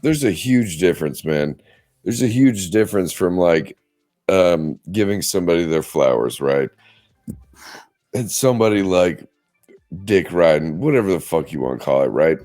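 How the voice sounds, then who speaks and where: A man's voice: sits low, animated, normal speed, a little mellow, faint music behind. A man hosting a podcast in casual chat, laid-back, laughing easily and drawing out his fillers. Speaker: podcast host.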